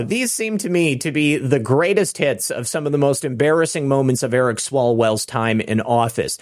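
A man's voice: mid-range voice, expressive, moderate pace, few pauses. A man hosting opinionated political commentary, sarcastic and indignant. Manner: sarcastic, indignant, chuckling asides.

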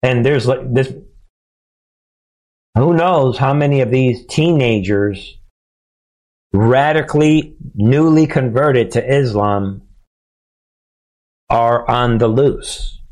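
A man's voice: medium pitch, slow pace, pauses often, a little mellow. Emphatic male commentary host. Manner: emphatic, punchy asides, repeated catchphrases; talks straight to viewers with frequent restarts. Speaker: host of a political commentary channel. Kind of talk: casual monologue commentary.

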